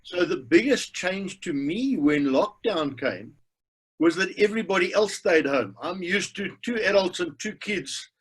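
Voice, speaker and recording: An older man speaks in a slightly high, husky voice. He tells his story wryly and without hurry. The sound is that of a video call from home. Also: expressive, poor audio. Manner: wry, unhurried storytelling. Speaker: webinar participant. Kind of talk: casual personal anecdote.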